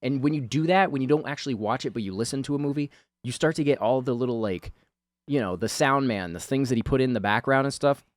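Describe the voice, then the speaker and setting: A man's voice: medium pitch, fast talker, no room sound. A man giving rambling, chatty voice-over commentary on a video of his drawing, full of fillers.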